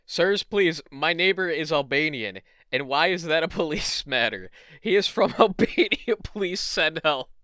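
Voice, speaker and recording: A man's voice: fairly high pitch, lively intonation, measured pace, hardly any pauses, pushed and bright, dry recording, studio quality. Man playing a frantic pleading caller.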